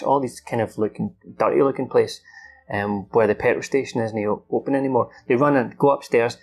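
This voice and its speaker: Brief: male film reviewer, gravelly voice, unscripted plot recap, swears and acts out lines, faint music behind. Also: mid-range voice. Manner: animated, swears often, acts out characters' lines.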